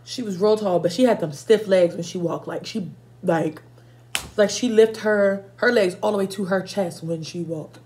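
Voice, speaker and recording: A woman's voice: medium pitch, moderate pace, darkish tone. A woman in her twenties telling casual, profane stories while eating for a mukbang video, stopping now and then to react to spicy food. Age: 20s. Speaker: mukbang vlogger.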